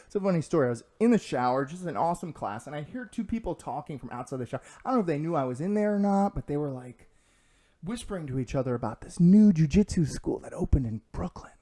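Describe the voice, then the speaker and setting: A man's voice: on the high side, quick pace. A man, a podcast guest, telling stories in casual chat, acting out the voices of the people in them and laughing along. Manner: animated, acts out quoted voices with laughs.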